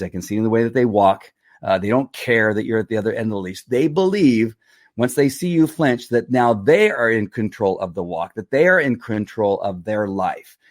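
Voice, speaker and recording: Middle-aged male dog trainer, earnest and rambling live-stream talk, low voice, dry sound. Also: no room sound. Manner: earnest, rambling, answers viewer comments.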